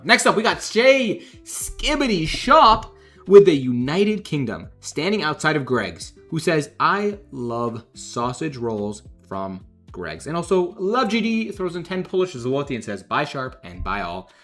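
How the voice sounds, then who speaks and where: A chatty man hosts a live stream, rating fan art and reading out viewer messages between jokes and laughs. His voice is bright and swoops up and down with excitement. Light music plays quietly underneath. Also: on the high side. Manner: chatty, jokey, reads donations aloud, laughs often. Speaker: game developer streamer judging fan art. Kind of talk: casual livestream commentary.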